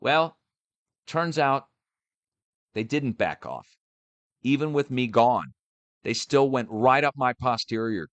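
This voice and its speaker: A man's voice: mid-range voice, expressive, slow pace, long pauses, fairly bright tone, no room sound. A middle-aged man ranting in a rambling, sarcastic monologue, mocking and swearing as he hosts his own channel. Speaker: online channel host.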